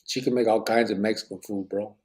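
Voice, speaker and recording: A man's voice: on the low side, steady tone, fast, a little mellow, a little hiss or hum. A man hosting a casual live podcast, reading chat comments aloud in a laid-back way, swearing freely and dropping Spanish words.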